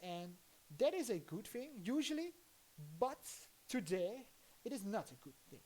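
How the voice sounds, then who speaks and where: A little high and very animated, her warm voice carries a Dutch accent. This woman from the Netherlands chats casually on a live stream while working on a computer, thinking aloud and rambling with halting restarts.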